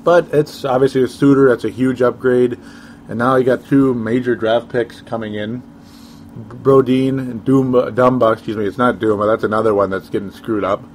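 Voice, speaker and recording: A man's voice: mid-range voice, steady tone, moderate pace, darkish tone, a little hiss or hum. A man co-hosting a sports talk show, rambling casually with chuckles and sarcastic asides.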